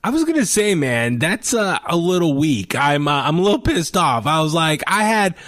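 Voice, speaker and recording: A man hosting a casual podcast chat, telling his stories in an animated, talkative way. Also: a little high, normal speed, dry recording, studio quality. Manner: animated, chatty storytelling. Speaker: podcast host.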